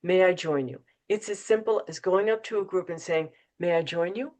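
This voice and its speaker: Deep-voiced woman giving a lively keynote. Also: normal speed. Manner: lively, acts out quoted dialogue. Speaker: keynote speaker. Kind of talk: motivational webinar talk.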